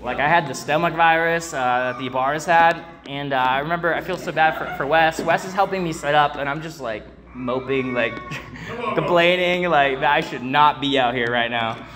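Telling a personal story from the pulpit, a young man rambles through fillers and restarts while calling out to the crowd during a church sermon. His voice is a little high and he talks at a normal speed.

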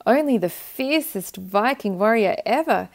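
Woman reading as an eager young boy, excited, storybook quest, slightly gravelly. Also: on the high side, unhurried.

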